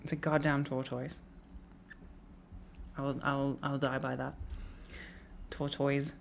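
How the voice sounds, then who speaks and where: A young adult streamer with an English accent who grew up in the Midlands, talking casually to a live audience at home. The voice sits at a middle pitch and the talk wanders. It mocks itself and breaks into laughs, over a faint hiss of background noise. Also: little pitch movement, slow pace, vocal fry. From Midlands, England. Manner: rambling, self-mocking, laughs often. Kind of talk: casual live-stream chat reacting to tips.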